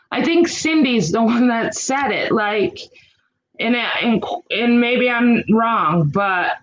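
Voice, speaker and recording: A middle-aged woman vlogger talking straight to her viewers, frank and fed up, swearing now and then. Her voice sits a little high, and she takes her time, drawing the words out. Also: fairly bright tone, poor audio. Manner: frank, exasperated, mild swearing; slow and drawn out. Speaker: YouTube channel host. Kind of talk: casual chat to live chat viewers.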